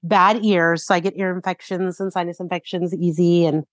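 A woman's voice: lowish voice, fairly even intonation, normal speed, dry recording, studio quality. A middle-aged woman co-hosting a podcast, chatting casually, her voice a bit sick from a cold, with lots of fillers and laughs. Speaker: podcast co-host. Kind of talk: casual chat.

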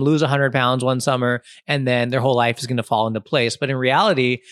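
A man in his thirties talks through a casual advice monologue in a loose, chatty way, tagging his points with "right?" and "you know". His voice sits at an ordinary middle pitch. The recording is dry and close, with no room sound. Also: a bit bright, no room sound. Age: 30s. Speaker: comedian and podcast host.

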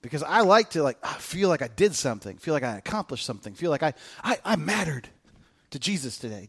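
Animated, high-voiced casual preacher. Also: male voice, fast talker, breathy edge. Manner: animated, conversational, joking. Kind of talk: casual sermon.

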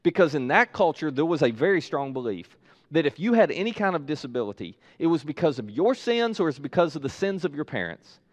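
A man preaches with an animated, rising and falling delivery, his voice sitting a bit high for a man. He retells a story, slipping into quoted voices as he goes. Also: brisk. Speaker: pastor. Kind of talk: sermon.

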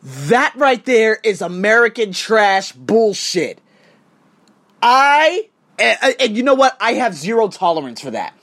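A man's voice: sits high, slow. Guy ranting to camera, swearing nonstop, voice jumping all over the place, fired up about a company. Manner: profane, heated, animated ranting. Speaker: online course instructor and coach. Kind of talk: casual ranting monologue. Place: Thailand.

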